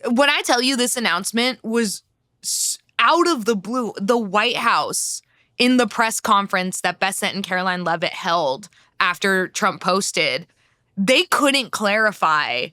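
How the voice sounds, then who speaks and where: An American woman journalist co-hosting a casual political talk show, chatty and animated, full of filler words. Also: mid-range voice, unhurried, no echo, studio quality. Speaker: co-host, journalist.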